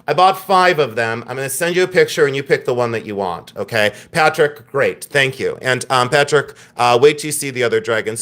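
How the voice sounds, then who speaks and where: Man, live-stream sale host, chatty, excitable, jokey, slightly high voice. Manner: chatty and excitable, jokes and laughs with viewers. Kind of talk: casual live-stream sales chat.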